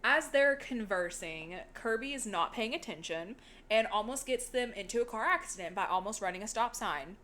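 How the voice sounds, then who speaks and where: A woman's voice: a little high, expressive, normal speed, a bit bright. A young woman from the United States, co-hosting a podcast in casual chat. She recaps a movie, laughs often and swears casually. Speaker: podcast co-host.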